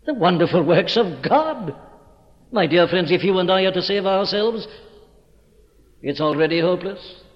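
A man's voice: high-pitched, lively intonation, normal speed, long pauses. A man preaching an evening sermon in an emphatic, declamatory way, hammering words with rising stress. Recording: dull old recording with long hall reverb.

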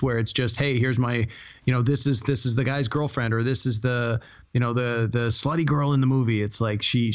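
A man co-hosting a casual movie podcast, talking in a halting way with many restarts and fillers. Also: medium pitch, fairly bright tone. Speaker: podcast co-host.

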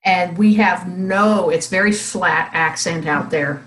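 A woman's voice: on the low side, slow pace, a bit bright, reverberant, poor audio. A woman in her sixties from California, co-hosting a podcast, who laughs easily and reflects as she talks. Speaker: co-host. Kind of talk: casual chat.

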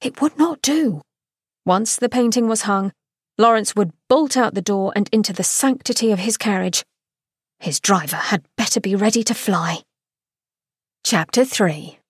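A woman giving a scripted, expressive narration of a romance novel excerpt. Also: mid-range voice, normal speed, husky, no echo, clean studio sound. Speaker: podcast host reading a novel excerpt.

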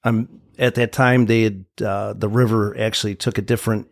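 A man guesting on a casual podcast, speaking haltingly with many ums and uhs. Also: lowish voice, fairly even intonation, vocal fry, no room sound, clean studio sound. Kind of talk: casual chat.

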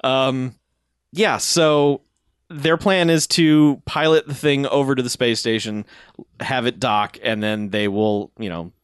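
A man's voice: mid-range voice, steady tone, slow pace, clear, resonant tone, no room sound, clean studio sound. Laid-back man recapping a movie. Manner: laughing often, acting out bits in silly voices. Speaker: podcast co-host. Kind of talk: casual movie recap chat.

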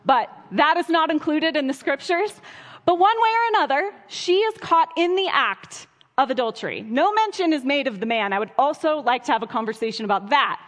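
A woman's voice: high-pitched, fairly bright tone. A woman preaching a sermon, earnest and storytelling, with wry asides. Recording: long hall reverb.

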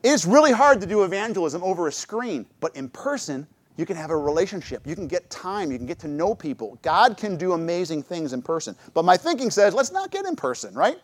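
A man's voice: high voice, fairly quick, few pauses, dry recording. A middle-aged man giving a church talk, telling personal stories and acting out what he and others said. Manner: lively storytelling, acts out his own quotes. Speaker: church speaker.

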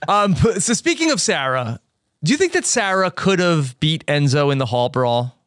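Male host, animated and playful, somewhat high voice. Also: moderate pace. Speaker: podcast host. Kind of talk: interview questions.

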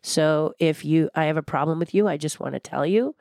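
An older woman being interviewed, talking in a passionate, blunt and animated way. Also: low-pitched, a little fast, vocal fry, no room sound, clean studio sound. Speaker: guest, former theme park designer. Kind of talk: candid interview conversation.

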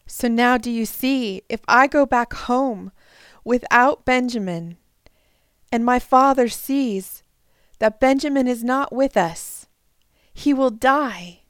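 A woman's voice: fairly high pitch, slow, no echo, studio quality, pitched above the performer's own voice. A woman doing a desperate pleading brother. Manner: earnest, urgent pleading. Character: pleading grown male brother, desperate and humble.

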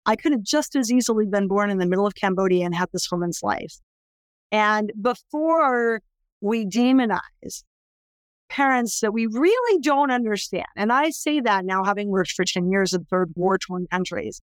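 This medium-pitched woman sounds clear and resonant, with no room sound. A middle-aged Californian who fights trafficking, she tells a personal story in an interview with intense emphasis, building up to impassioned pleas.

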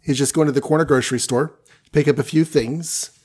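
A man's voice: on the high side, steady tone, fairly quick, a little mellow, slightly rough. Casual man recapping comics. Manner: recaps stories loosely, with offhand asides. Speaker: podcast co-host reviewing comics. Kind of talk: casual chat.

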